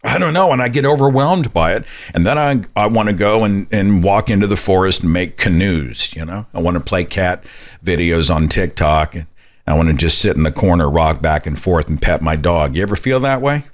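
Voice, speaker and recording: Deep-voiced exasperated man hosting call-ins. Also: normal speed. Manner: exasperated, rambling, rising rhetorical questions. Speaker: podcast host. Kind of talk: call-in show monologue.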